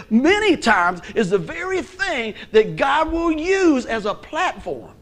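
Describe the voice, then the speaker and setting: A man's voice: extremely high pitch, fairly bright tone. A middle-aged man, a pastor preaching a sermon in a conversational, humorous way with call-and-response.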